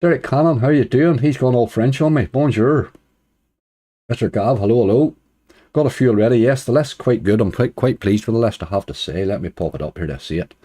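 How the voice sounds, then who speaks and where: Mellow-voiced man chatting on a live stream. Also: mid-range voice, expressive, quick pace. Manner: chatty, greets viewers by name, chuckles. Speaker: slots streamer greeting chat. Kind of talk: casual live-stream chat.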